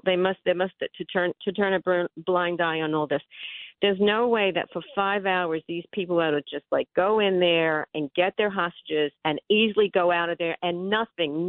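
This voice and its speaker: A woman's voice: lowish voice, dry recording. A woman calling in to a talk radio show, speaking in an agitated, urgent way with slightly foreign phrasing. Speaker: caller. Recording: phone line.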